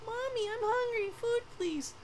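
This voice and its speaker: A woman's voice: very high-pitched, a little slow, crowd noise, voice pushed up. A woman voicing small, hungry village children who whine in a little voice. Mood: whiny.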